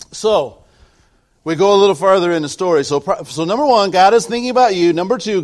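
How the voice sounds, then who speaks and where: A man pastor preaching a sermon, swinging from quiet asides to shouted peaks, often restarting his sentences. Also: medium pitch.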